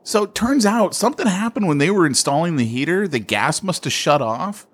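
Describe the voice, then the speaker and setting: A man's voice: fairly high pitch, big pitch swings, moderate pace. A man co-hosting a podcast, telling a story about his own life in casual chat, self-mocking and often laughing. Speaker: podcast co-host.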